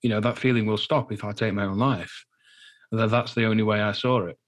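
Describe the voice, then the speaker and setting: A man giving a personal interview testimony in a halting, earnest way, full of fillers and restarts, sounding nervous. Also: on the low side, fairly even intonation. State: nervous, anxious while speaking. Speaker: guest.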